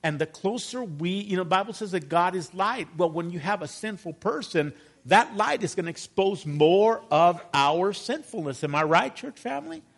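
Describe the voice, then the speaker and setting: A man's voice: high-pitched, expressive, moderate pace, creaky. A middle-aged man preaching a sermon as pastor, conversational, often asking the congregation to agree with him. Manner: conversational, addresses congregation with call-and-response questions.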